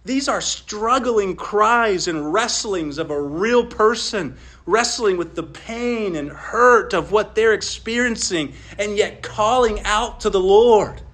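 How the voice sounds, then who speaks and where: Man, pastor, sermon, high voice, earnest, rises on pleas, drops low on asides. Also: slow, few pauses, a bit bright. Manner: earnest preaching, voice rising on quoted pleas and dropping low on asides.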